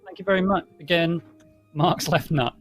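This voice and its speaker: A man's voice: on the high side, normal speed, over music. A man hosting a live stream, chattily thanking viewers and reading out their donation messages. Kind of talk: casual stream chat.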